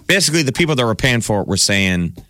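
A man's voice: mid-range voice, very animated, quick pace, pushed and bright, no room sound, clean studio sound. A man co-hosting a casual morning radio show, chiming in with wry jokes.

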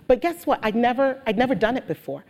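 A woman guest speaker telling stories with animated energy in a live on-stage interview. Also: fairly high pitch, fast. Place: auditorium with audience. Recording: long hall reverb.

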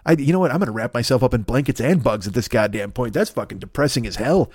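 A man's voice: medium pitch, animated, quick pace, a little mellow, breathy edge, no echo, clean studio sound. A man in his fifties hosting a podcast, rambling through a comedic solo monologue, swearing freely and jumping into exaggerated mock voices. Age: 50s. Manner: profane, riffing, self-deprecating, leaps into exaggerated mock voices. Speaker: podcast host.

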